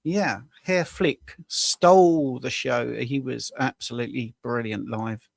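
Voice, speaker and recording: Jokey man, gravelly and dry. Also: medium pitch, takes it slowly, no echo. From England. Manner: jokey, laughs often. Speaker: guest coach. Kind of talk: casual live-stream chat.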